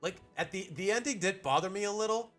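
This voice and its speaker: A man's voice: high-pitched, fast, a bit bright, soft background music. A man from Mexico, casually rambling through opinions on a live stream and often cutting himself off mid-sentence. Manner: rambling, self-interrupting, opinionated. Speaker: streamer ranking cartoon episodes.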